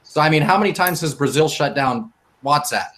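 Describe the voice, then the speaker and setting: A man's voice: a little high, animated, brisk, a bit bright. A man hosting a casual podcast discussion, arguing heatedly and emphatically. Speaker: podcast host.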